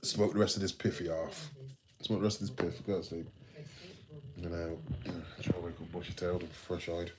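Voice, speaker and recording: A man's voice: deep voice, fairly even intonation, moderate pace, crowd noise, poor audio. A man chatting on a late-night livestream, sleepy and yawning, rambling in laid-back slang and swearing freely.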